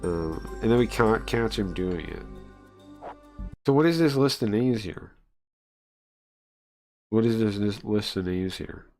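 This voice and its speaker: A man casually commenting while he plays and reads through a story game, chatty and easily excited, thinking aloud with many pauses. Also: lowish voice, faint music behind. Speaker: streamer playing and reading a story game. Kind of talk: casual live-stream commentary.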